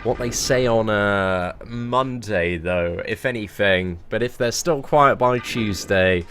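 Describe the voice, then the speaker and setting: A man's voice: on the low side, slow, a little hiss or hum. Chatty young man streaming a game. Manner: animated and chatty, heavy slang, calls viewers mate and lads. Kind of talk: casual live-stream commentary.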